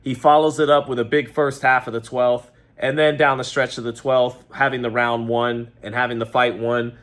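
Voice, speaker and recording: A New man reacts to a boxing match in a loose, conversational way. He rambles, corrects himself mid-sentence and leans on fillers. His voice sits at a medium pitch. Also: level tone, moderate pace, a bit bright. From New York. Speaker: boxing commentator. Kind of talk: casual fight-reaction commentary.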